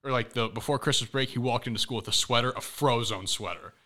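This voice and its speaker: A young man hosting a podcast, chatting casually and telling stories in an animated, excitable way. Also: medium pitch, fast. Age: young adult. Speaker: podcast host. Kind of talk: casual chat.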